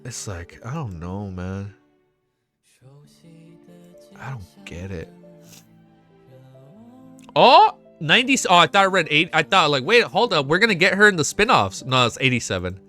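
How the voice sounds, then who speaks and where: A young man chatting casually on a live stream while reacting to a web novel, excitable and swearing often. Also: fairly high pitch, measured pace, pauses often, faint music behind.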